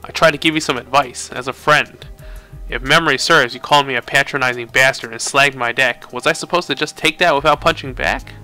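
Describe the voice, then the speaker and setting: A man's voice: mid-range voice, a little fast, pushed and bright, clear, resonant tone, faint music behind. A man voicing a weary, sarcastic male tech expert in a video game, defensive and biting.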